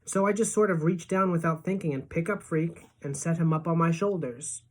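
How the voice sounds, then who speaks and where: A woman teacher reading a novel aloud to her class in a lively storytelling manner. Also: on the low side, moderate pace.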